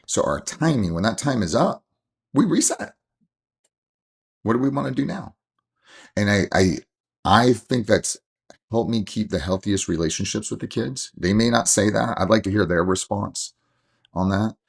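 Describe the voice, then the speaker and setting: A man's voice: lowish voice, expressive, moderate pace, gravelly, pauses often, husky. A man in his forties, a coach and father, talking earnestly and from the heart in a casual interview, often restarting his sentences. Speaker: coach and father, podcast guest.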